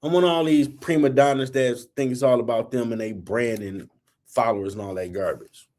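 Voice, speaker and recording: A middle-aged man hosting a sports talk show, blunt and fired up. He scolds teams and players in loose, slangy everyday talk, with a steady mid-range voice. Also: mid-range voice, moderate pace. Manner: blunt, heated, colloquial, scolding. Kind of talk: opinionated sports rant.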